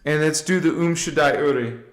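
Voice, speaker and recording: A man hosting a live spiritual teaching, speaking slowly and emphatically, repeating his phrases and dropping slangy asides. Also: fairly high pitch, echoey room. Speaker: spiritual livestream host.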